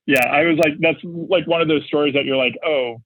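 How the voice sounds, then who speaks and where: Here the same kind of podcast guest, a marketing executive, rambles through a casual story full of "like" and "you know." He talks fairly fast at a fairly high pitch. There's no room sound at all, just a dry, dull lo-fi recording.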